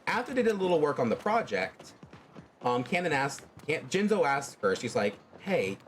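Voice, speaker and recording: A man's voice: on the high side, sing-song, moderate pace, a little hiss or hum. A man casually telling a fan story on a stream, rambling along with many fillers.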